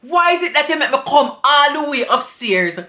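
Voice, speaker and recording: A woman with a Jamaican accent, vlogging an animated, indignant storytime review in patois. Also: sits high, normal speed, echoey room.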